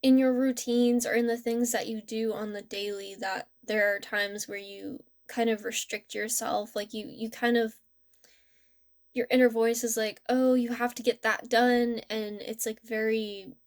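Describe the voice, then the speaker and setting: A young tarot reader gives a casual spiritual reading in a relaxed, gentle way, often rambling and restarting her sentences. Her voice is a little high, and she keeps a measured pace.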